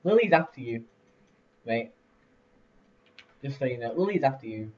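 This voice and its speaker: A man's voice: medium pitch, animated, moderate pace, a little mellow. A young man casually commentating a building game, rambling with lots of fillers and laughs. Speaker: let's play host. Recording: distant lo-fi mic.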